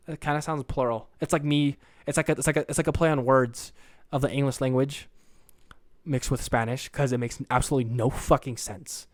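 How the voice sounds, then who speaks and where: A man's voice: medium pitch, steady tone, moderate pace, dry recording, studio quality. Rambling, crude young man podcasting solo. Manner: rambling, crude, self-deprecating, jokey. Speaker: podcast host.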